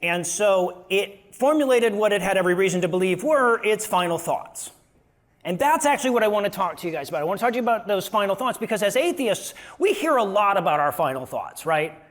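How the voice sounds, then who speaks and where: High-voiced man doing stand-up. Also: brisk. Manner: joking, self-deprecating, animated. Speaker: guest speaker, activist and podcaster. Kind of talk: stand-up style talk. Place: live stage before an audience.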